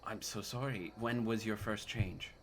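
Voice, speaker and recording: A man's voice: on the low side, unhurried, slight background noise. A man voicing a courteous, scholarly male monster hunter who speaks formally in a tabletop game. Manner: polite, formal old-fashioned speech.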